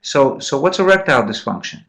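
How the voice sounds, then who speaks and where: A man's voice: medium pitch, lively intonation, a little fast, a bit bright. A man lecturing medical students in a classroom, quizzing them, repeating key points and encouraging answers.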